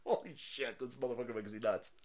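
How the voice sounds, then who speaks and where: A man's voice: mid-range voice, fairly even intonation, fast. A man, a streamer delivering a foul-mouthed, incredulous conspiracy rant.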